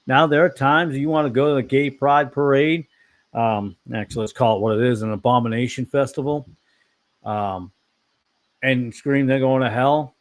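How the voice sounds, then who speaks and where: A man's voice: medium pitch, normal speed. A man hosting an online fellowship talk, preaching in a casual, rambling way, giving blunt opinions and often correcting himself. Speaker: online fellowship discussion host.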